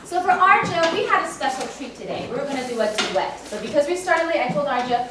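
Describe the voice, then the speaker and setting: Animated woman teacher in an echoey room. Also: sits high, fast talker, few pauses, recorded from a distance, noisy background. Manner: animated storytelling, acts out students. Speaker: piano teacher. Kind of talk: recital speech to children and parents.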